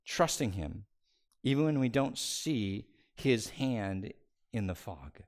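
A man preaching a sermon as pastor, swinging between loud, raised passages and hushed, near-whispered phrases, and slowing down to stress key words. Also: lowish voice, expressive. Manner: slows down on key words for emphasis.

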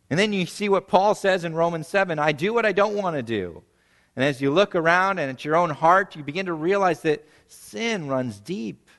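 A man in his thirties preaching a sermon, swelling to emphatic peaks and dropping to hushed, quiet phrase endings. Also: high-pitched, in a large hall. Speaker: pastor.

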